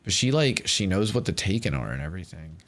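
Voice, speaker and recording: A male streamer chatting casually while he plays, wry and quick to swear. His voice sits on the low side but swings widely in pitch. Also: sing-song, fairly bright tone. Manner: wry, profane, swearing freely. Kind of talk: casual gameplay commentary.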